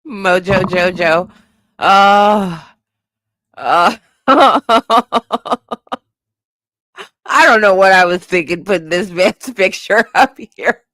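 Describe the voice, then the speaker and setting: Laughing woman host, lively pitch. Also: drawn-out words, long pauses, dry recording, clean studio sound. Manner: laughing often, animated, lively. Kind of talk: casual commentary reading live chat.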